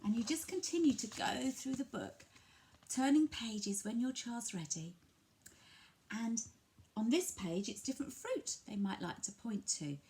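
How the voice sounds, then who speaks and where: An English woman from a family centre explains to parents how to share a picture book, talking gently and patiently and switching to a bright sing-song voice when modelling words. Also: on the high side, lively intonation, a little slow. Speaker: family centre early language worker. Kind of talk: instructional talk to parents, demonstrating a picture book.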